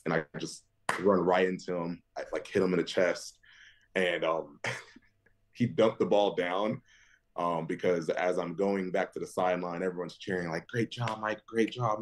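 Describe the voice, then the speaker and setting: A man with a very deep voice tells stories as a podcast guest, full of laughter. He jumps way up in pitch when he quotes people, then settles back low. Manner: laughs through stories, jumps high when quoting others. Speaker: interview guest, football linebacker. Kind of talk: animated storytelling.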